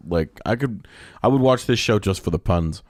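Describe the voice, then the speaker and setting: A man's voice: lowish voice, expressive, moderate pace, no echo, clean studio sound. A man co-hosting a podcast, chatting casually and a bit rambling as he recaps a sitcom episode. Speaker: podcast co-host.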